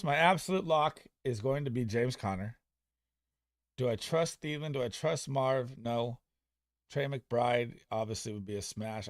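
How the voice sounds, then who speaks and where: A young man streaming fantasy football advice in a casual, excitable, profane manner. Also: mid-range voice, no room sound, studio quality. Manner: excitable, profane, talks fast and loose. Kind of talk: casual livestream chat.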